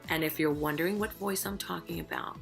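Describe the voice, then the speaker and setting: A woman's voice: fairly low pitch, fast, creaky, faint music behind. A woman who used to be a housemate, giving sassy, emphatic, gossipy opinions about the people in the house. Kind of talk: recorded opinion piece to camera.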